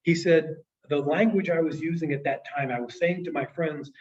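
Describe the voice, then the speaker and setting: A man telling a personal story to an audience in a presentation, halting and repeating words, acting out the people he quotes, emotional at times. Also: a little high, darkish tone. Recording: distant, dull lo-fi sound.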